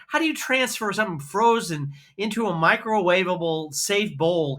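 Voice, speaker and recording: A man ranting about frozen food from his home kitchen, swearing freely as he complains. His voice is bright and forward, and his pitch swings up and down as he grumbles. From Midwest US. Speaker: food reviewer. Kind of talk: casual food review vlog.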